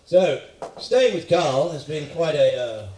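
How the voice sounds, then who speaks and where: A man's voice: on the high side, animated, takes it slowly, darkish tone, a little hiss or hum. A man with an Australian accent doing a stand-up routine, telling stories in a profane, ranting way and mimicking voices. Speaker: stand-up comedian. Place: live comedy venue. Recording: echoey room, from far off.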